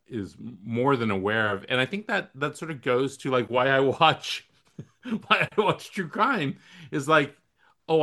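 A man hosting a podcast, chatting in a relaxed way and offering opinionated asides. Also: mid-range voice. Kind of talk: casual podcast chat.

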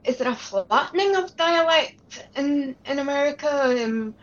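A woman's voice: high-pitched, expressive, moderate pace, a bit bright. A woman from Britain hosting a casual conversation, friendly and chatty, laughing easily. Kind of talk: casual chat. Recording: dull lo-fi audio.

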